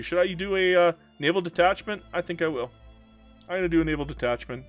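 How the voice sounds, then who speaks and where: A man's voice: high-pitched, fairly quick, soft background music. A man giving casual, joking commentary while playing a strategy game, talking back to the game. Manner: playful, joking, talks to the game.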